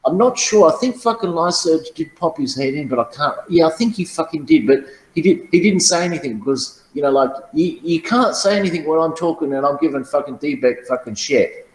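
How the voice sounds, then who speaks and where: A man's voice: fairly high pitch, animated, fairly quick. Profane laughing man in a roomy space. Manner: profane, boastful storytelling, laughs often. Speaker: channel host. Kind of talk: casual chat.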